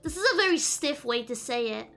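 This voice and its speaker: Very high, bright-voiced giggly woman. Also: animated, brisk, soft background music. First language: French. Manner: giggly, playful, easily distracted. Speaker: streamer teaching French. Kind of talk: casual live-stream lesson.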